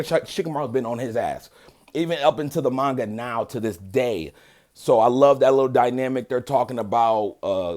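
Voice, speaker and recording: A man giving a relaxed, conversational review of an anime episode, full of filler phrases and quick self-corrections. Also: mid-range voice. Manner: corrects himself mid-sentence. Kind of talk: casual spoken episode review.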